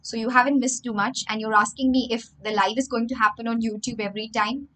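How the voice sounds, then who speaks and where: A woman's voice: a little high, fairly even intonation, fast talker, sharp tone, rough recording. A young woman, reading a story aloud on a livestream and rephrasing each line in simpler words for children. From India. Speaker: storyteller and English teacher.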